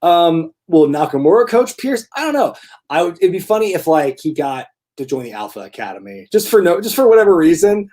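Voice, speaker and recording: Young man, live-stream host, casual rambling chat, frequent chuckles, slightly high voice. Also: sing-song, fairly quick, darkish tone. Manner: rambling, self-correcting, chuckles often.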